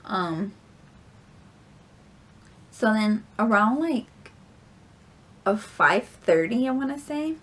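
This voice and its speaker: A woman's voice: mid-range voice, expressive, takes it slowly, long pauses, fairly bright tone. A young woman vlogger telling a story in a casual, rambling way, full of filler words and casual swearing.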